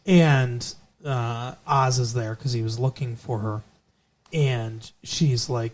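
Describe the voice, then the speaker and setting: A man's voice: medium pitch, moderate pace. A man co-hosting a podcast, recapping an episode in a rambling, casual way with many fillers. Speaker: podcast co-host.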